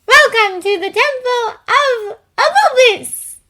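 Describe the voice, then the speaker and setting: A woman's voice: very high voice, lively intonation, slow, a little hiss or hum, voice pushed up, full character voice. A woman playing a brash, snarky young gamer. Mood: teasing. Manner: loud, mocking, brash. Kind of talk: fanfiction audio reading.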